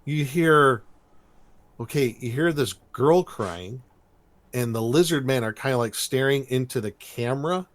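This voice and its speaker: A man talking through a cartoon episode on a podcast, rambling and animated as he retells each scene. His voice sits at a middle pitch. The recording is close and dry, with no room sound. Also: unhurried, no room sound. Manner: rambling, animated storytelling with laughs. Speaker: podcast co-host. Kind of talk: casual chat recapping a cartoon episode.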